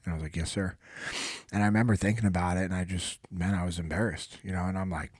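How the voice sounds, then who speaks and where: A man's voice: low voice, steady tone, fast talker, a little mellow, dry recording. American guy hosting a podcast, emotional and earnest, dry close sound. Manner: emotional, earnest storytelling with many fillers. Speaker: podcast host. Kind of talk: casual podcast storytelling.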